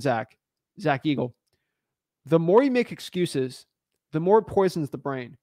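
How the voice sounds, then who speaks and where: A man's voice: on the high side, no room sound, clean studio sound. A man hosting a live stream, talking bluntly and emphatically in a slangy, casual way and taking callers. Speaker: host.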